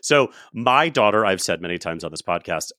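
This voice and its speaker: A man's voice: low-pitched, expressive, normal speed, pushed and bright, no echo, studio quality. A man co-hosting a parenting podcast in casual chat, joking and blunt with some swearing. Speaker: podcast co-host.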